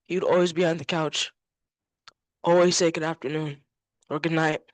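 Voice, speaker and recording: Emotional man giving a halting eulogy. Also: on the high side, level tone, dry recording. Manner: slow, simple and halting. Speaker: family member giving a eulogy. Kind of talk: memorial eulogy.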